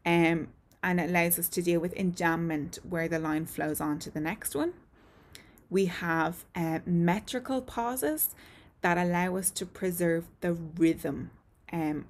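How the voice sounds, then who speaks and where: A woman explains a lesson to her viewers in a clear, methodical way. Her voice sits a little low, and she often fills gaps with ums as she works through each point. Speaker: voice and speech teacher.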